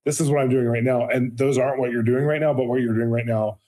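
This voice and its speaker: Male co-host, warm mellow timbre, meandering casual questions. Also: mid-range voice, fairly even intonation, quick pace. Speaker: podcast co-host. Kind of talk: casual interview conversation.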